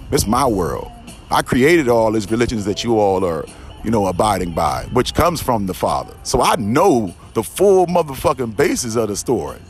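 Profane, rambling man preaching outdoors. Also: mid-range voice. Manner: profane, emphatic, repeats himself, frequent restarts. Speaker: podcast host. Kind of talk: rambling spiritual monologue. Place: outdoors in a garden.

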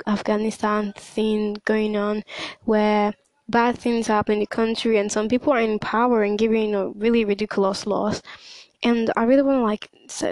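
A woman's voice: medium pitch, darkish tone, dry recording, poor audio. A young woman talking casually in a hesitant monologue, full of fillers and restarts. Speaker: podcast host.

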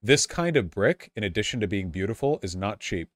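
A male streamer chats casually with his viewers, his voice jumping around with lively ups and downs. He swears freely and gets excited easily. The sound is close and dry. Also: fairly low pitch, fairly quick, no echo. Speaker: live streamer. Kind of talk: casual live-stream commentary.

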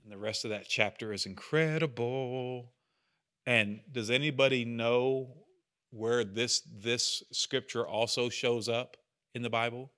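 A man's voice: mid-range voice, fairly even intonation, measured pace, a bit bright. A man leading a Bible study group, teaching casually and with enthusiasm, often asking the group questions.

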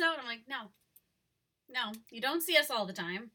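A young woman co-hosting a casual podcast, chatty and rambling, quick to laugh. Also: fairly high pitch, lively intonation, bright, forceful tone. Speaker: podcast co-host. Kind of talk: casual chat.

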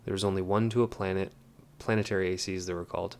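A man narrating an audiobook in a measured, even way. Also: low-pitched, vocal fry.

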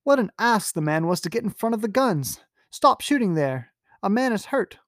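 A man voicing a callous, witty aristocratic English gentleman in a raised, mock-posh reading voice. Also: high-pitched, sing-song, moderate pace, no room sound, studio quality, pitched above the performer's own voice. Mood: indignant.

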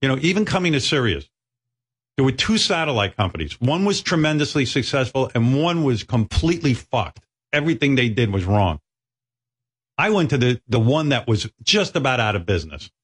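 A man's voice: mid-range voice, very animated, brisk, slightly rough. A middle-aged man hosting a radio show in a studio, telling rambling, profane, self-mocking stories in casual banter.

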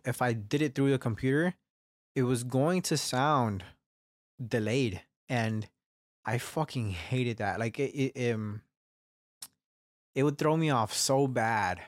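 A young man talking alone on a podcast in a loose, rambling way, dropping swear words into nearly every sentence. His voice sits at an ordinary middle pitch. The sound is dry, with no room echo, and he drifts nearer to and farther from the microphone. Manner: profane, rambling, swears constantly. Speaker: podcast host. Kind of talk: casual solo podcast talk. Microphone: studio microphone, varying distance.

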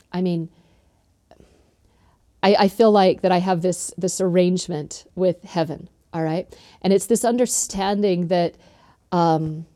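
A middle-aged author from northern Utah, USA, is interviewed and tells stories earnestly, often saying um. Her voice is on the low side with a dark tone, recorded dry and at studio quality.

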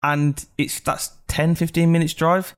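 A man's voice: fairly high pitch, flat delivery, a little slow, clean tone. A man hosting a casual podcast chat, talking bluntly with lots of swearing and rambling asides. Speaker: podcast host.

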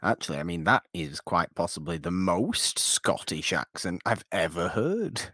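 Deep-voiced, lively wry man. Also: measured pace, no echo, clean studio sound. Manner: wry, mock-posh teasing, talkative. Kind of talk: casual film discussion.

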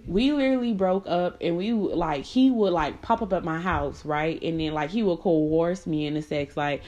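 A young adult woman telling a personal story in a casual, slangy, blunt way, laughing between lines and jumping into high mocking voices when she quotes people. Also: moderate pace, a little mellow, highs cut off.

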